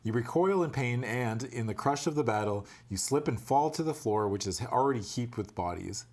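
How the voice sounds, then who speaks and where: A man's voice: mid-range voice, animated, moderate pace, darkish tone. Casual man reading a gamebook aloud. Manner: swaps between read-out narration and joking, cursing banter. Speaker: game master reading the gamebook. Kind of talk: reading adventure text aloud with casual asides.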